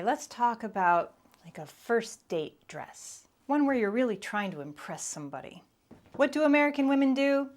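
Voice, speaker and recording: A woman vlogger giving a casual, chatty fashion commentary to camera, playful and quick to laugh. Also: medium pitch.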